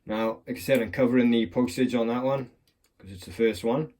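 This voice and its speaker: A man's voice: mid-range voice, fairly even intonation, a little fast, a little mellow. A man chatting casually about picking locks, rambling and swearing with a self-mocking edge, recorded on a clamped phone. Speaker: lock picking hobbyist. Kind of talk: casual chat while demonstrating.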